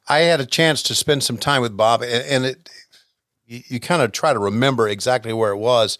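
A man co-hosts a casual podcast chat in a relaxed, joking way and tells old stories. His voice sits at a middle pitch. The sound is dry and close. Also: fairly quick, dry recording. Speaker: podcast co-host watching old wrestling.

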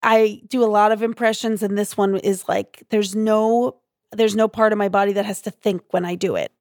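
A woman's voice: mid-range voice, moderate pace, dry recording. A young woman in a casual interview, telling stories chattily with plenty of fillers. Her voice sits in a middle register and is recorded dry and close. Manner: chatty, animated, lots of fillers. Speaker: guest comedian.

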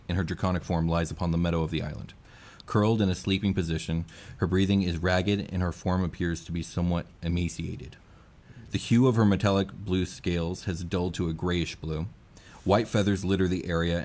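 A man narrating and running a tabletop role-playing game, laid-back and quick to laugh. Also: sits low, fairly even intonation, darkish tone. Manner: laid-back, laughs easily, uses fillers. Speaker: game master.

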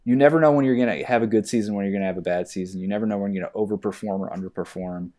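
Low-voiced man telling lively stories. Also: racing. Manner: animated storytelling, acts out exchanges in mocking voices. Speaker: actor on a podcast. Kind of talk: casual chat.

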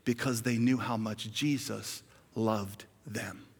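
A man preaching a sermon as pastor, conversational and animated, building to emphatic peaks. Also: on the low side, slow pace, slightly rough, big-room sound.

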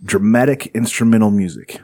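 A podcast host trades crude, jokey banter, laughing often and swearing freely. He has a lowish, warm voice and talks fairly quickly.

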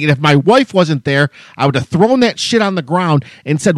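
A man's voice: a little high, lively intonation, moderate pace, few pauses, dry recording, clean studio sound. A man co-hosting a podcast, telling a long story as a heated, profane rant. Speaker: podcast co-host. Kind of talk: casual chat, storytelling rant.

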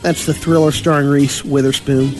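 Dry, higher-voiced male radio co-host. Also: level tone, normal speed, faint music behind, poor audio. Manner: reads entertainment items, dry teasing. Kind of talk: casual chat.

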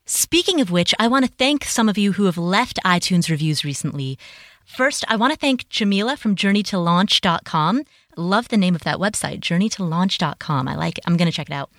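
Upbeat female podcast host, lower voice. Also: expressive, fairly quick, fairly bright tone, dry recording, studio quality. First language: Nepali. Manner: enthusiastic, chatty, careful articulation. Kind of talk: solo podcast outro, reading listener reviews. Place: closet at home. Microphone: home studio mic in a closet.

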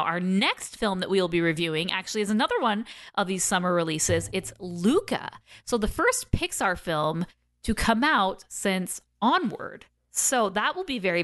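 A woman in her thirties co-hosting a podcast, talking through a film review in a loose, casual way. She is chatty and animated, with frequent laughs and quick asides. Her voice sits at an ordinary middle pitch for a woman.

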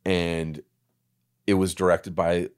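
A man in his fifties, an actor guest on a podcast, telling stories in relaxed chat and swearing freely. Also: low voice, slow, clear, resonant tone. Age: 50s. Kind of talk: casual interview chat.

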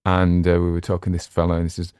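A man's voice: low voice, completely flat delivery, fast, a little mellow, smooth, no room sound, clean studio sound. A man with a West Cumbrian English accent, chatting casually and digressively as a podcast host and audiobook narrator. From West Cumbria, England. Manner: chatty, digressive, self-deprecating. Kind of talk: casual rambling chat.

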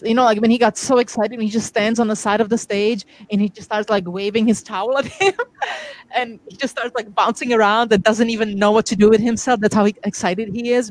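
Here a woman guest DJ shares casual stories in an interview, her mid-range voice a little fast over poor audio. She's animated, performing the quoted lines herself, often restarting and laughing.

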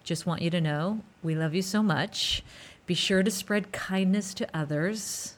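A woman co-hosting a podcast in casual chat, animated and gushing with quick bursts of enthusiasm. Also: on the low side. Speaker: podcast co-host.

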